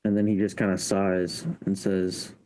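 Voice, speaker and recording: A man playing a tabletop game, describing his character's actions in a halting way with many fillers. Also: low voice, little pitch movement, mellow, rough recording. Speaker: player.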